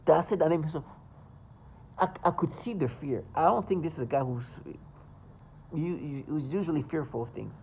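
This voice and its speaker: A man's voice: a little high, normal speed, gravelly, pauses often, a little mellow, slightly rough, low-quality recording. A man delivering an agitated, insistent monologue to his viewers, rambling and emphatic. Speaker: vlogger.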